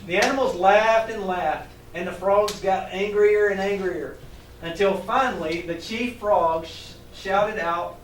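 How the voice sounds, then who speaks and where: A man's voice: high voice, unhurried, a little hiss or hum. A man reading a picture book aloud to children, stopping to ask them questions. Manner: animated, asks questions, chuckles. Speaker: teacher trainer reading aloud. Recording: echoey room, distant mic, faint ambience.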